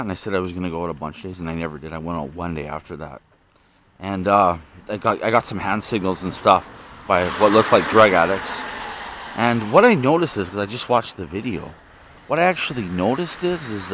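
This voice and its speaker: Low-voiced man rambling outdoors at night. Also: a bit bright, slight background noise. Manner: repetitive, profane, tags sentences with "eh?". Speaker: vlogger. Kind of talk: rambling monologue to camera.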